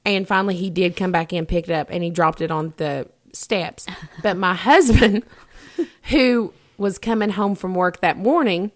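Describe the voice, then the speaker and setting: A woman's voice: on the low side, moderate pace. A woman co-hosting a podcast, telling a story in casual chat with frequent laughter. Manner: animated storyteller, laughs often. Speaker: podcast co-host. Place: rural home.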